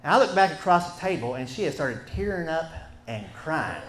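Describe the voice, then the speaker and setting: A middle-aged man doing a folksy, animated stand-up story, acting out what he and his wife said. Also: fairly high pitch, fairly quick, a crowd in the background. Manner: folksy, animated, acts out quotes. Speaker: stand-up comedian. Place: stage before a live audience. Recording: echoey room with background noise.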